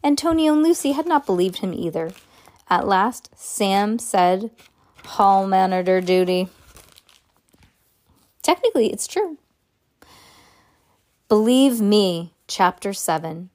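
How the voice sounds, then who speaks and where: A woman reads a children's chapter book aloud in a mid-pitched voice. She stumbles, restarts and fixes her words as she goes. She gives the sound words extra punch. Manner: halting, self-correcting read-aloud with lively sound words. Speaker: reader.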